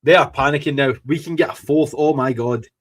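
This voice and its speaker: A Scottish man hosting a fan podcast, reacting live to a football match in an excitable, gloating way and swearing freely. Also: mid-range voice, a little fast.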